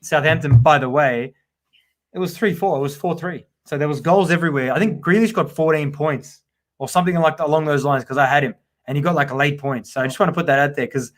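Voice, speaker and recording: A man's voice: on the high side, fast. Chatty, emphatic man co-hosting. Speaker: podcast co-host. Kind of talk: casual live-stream chat.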